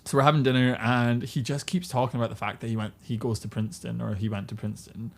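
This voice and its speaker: A man's voice: medium pitch, flat delivery, quick pace. A British man in his twenties chatting candidly as a podcast guest, laughing often and full of fillers. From Britain. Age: 20s. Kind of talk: casual chat.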